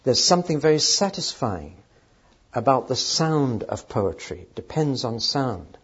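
A man with a husky, slightly breathy voice teaches in an emphatic, explanatory way, leaning on the words that matter. The recording is dull and lo-fi, with the top end rolled off. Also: mid-range voice, sing-song, unhurried, a bit bright. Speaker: Bible teacher. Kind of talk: teaching talk on poetry.

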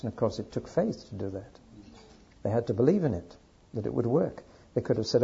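A man teaching through a Bible book to an audience, telling the story earnestly and dropping into quiet asides. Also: medium pitch, very animated, brisk, creaky, pauses often, highs cut off, a little hiss or hum.

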